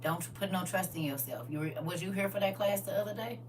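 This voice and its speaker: A woman hosting a livestream in casual chat, laughing often, repeating "listen," and moving into gentle spiritual advice. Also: mid-range voice, fast. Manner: laughs often, repeats "listen" and "I'm trying to tell you". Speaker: livestream host. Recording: distant mic with faint hum.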